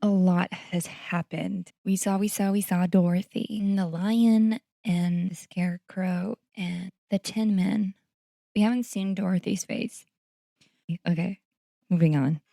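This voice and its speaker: A woman hosts her own podcast and talks through a movie trailer in casual, effusive commentary that keeps spilling into exclamations. Her voice sits a little low and has a mellow, warm color. The sound is dry, with no room echo. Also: steady tone, measured pace, creaky. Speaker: podcast host.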